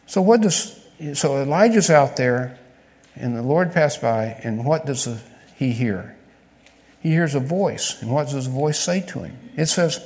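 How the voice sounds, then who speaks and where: A man delivering a sermon in a lively, conversational way, putting questions straight to his listeners. His voice sits in a mid register. It carries the long reverb of a large church hall. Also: medium pitch. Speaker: preacher.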